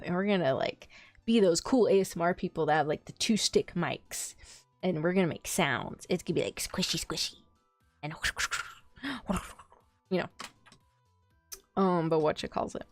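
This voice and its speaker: A woman's voice: fairly low pitch, no room sound. A young woman hosting a casual chat stream, rambling, laughing often and losing her train of thought. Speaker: VTuber streamer.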